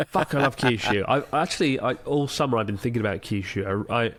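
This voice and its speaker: A man's voice: mid-range voice, quick pace, fairly bright tone. A man from England with an English accent, hosting a podcast in casual chat, upbeat and swearing freely as he reads out listener questions. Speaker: podcast host.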